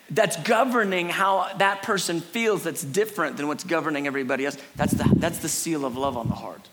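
A middle-aged man preaching a sermon on a church stage, animated and earnest, acting out little scenes for his listeners. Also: fairly quick, hardly any pauses. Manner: animated, acts out a frantic crowd in a high put-on voice. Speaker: pastor. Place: church stage before a congregation.

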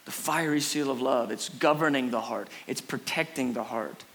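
A middle-aged man preaching a sermon on a church stage, animated and earnest, acting out little scenes for his listeners. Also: moderate pace. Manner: animated, acts out a frantic crowd in a high put-on voice. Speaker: pastor. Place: church stage before a congregation.

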